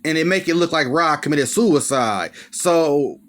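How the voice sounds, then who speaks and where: High-voiced young man recapping a movie. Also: animated, unhurried. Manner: loose, slangy, profane, acts out lines. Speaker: movie reviewer. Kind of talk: casual plot recap.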